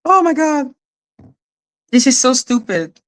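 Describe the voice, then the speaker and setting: A woman who hosts her own commentary channel rants through a casual monologue at a slow pace, sarcastic and exasperated. She swears freely and laughs often, swinging between high mocking tones and low deadpan asides.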